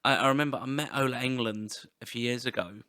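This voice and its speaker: A man hosts a casual podcast, telling stories animatedly while stumbling over and repeating his words. His voice is bright and forward. The sound is close and dry. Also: medium pitch, fast, no echo. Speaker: podcast host.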